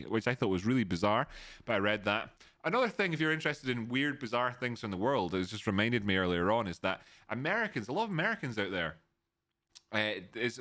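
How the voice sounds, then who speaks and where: A man's voice: fairly low pitch, a bit bright, dry recording. A man hosting a casual live stream. He rambles chattily, greets viewers by name and goes off on tangents.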